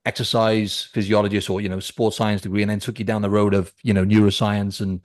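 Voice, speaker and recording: A man's voice: lowish voice, level tone, brisk, a little mellow. A man from Wales, hosting a casual interview and chiming in with eager agreement. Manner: enthusiastic, affirming. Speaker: podcast host.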